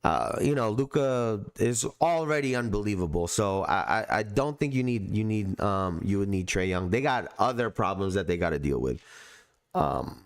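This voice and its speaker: A man's voice: fairly low pitch, animated, moderate pace. A male podcast host in casual sports chat with his audience, laid-back and slangy, often breaking into laughter.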